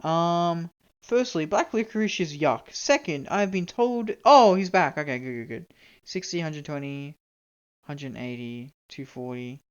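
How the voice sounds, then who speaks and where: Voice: medium pitch, expressive, a little slow, smooth, highs cut off. A young-adult game streamer from Canada, chatting casually, rambling, self-mocking and swearing freely. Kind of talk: casual live-stream chat.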